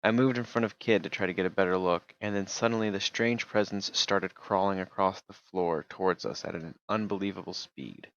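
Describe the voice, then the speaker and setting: A man's voice: low-pitched, steady tone, brisk, hardly any pauses, fairly bright tone, muffled recording. A man streaming, reading a text game aloud and casually remarking between passages. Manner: casual, reads narration then remarks.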